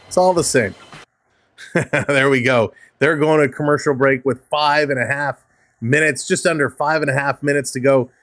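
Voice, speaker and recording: A man's voice: medium pitch, steady tone, normal speed, a bit bright, no room sound. A man with a Canadian accent hosting a live hockey stream, mixing play-by-play with friendly replies to chat and thanks to viewers. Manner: upbeat, chatty, thanks viewers by name and chuckles often.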